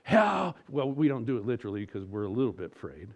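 A man preaching a sermon, animated and full of rhetorical questions, swinging from loud emphasis to soft, slow appeals. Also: lowish voice.

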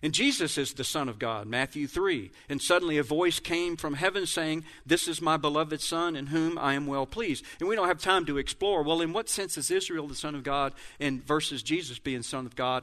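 A man's voice: a little high, moderate pace, hardly any pauses, pushed and bright. A man giving a Bible lesson who reads verses aloud, then explains how they compare, now and then correcting himself mid-reading. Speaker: Bible teacher. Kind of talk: Bible teaching with scripture readings.

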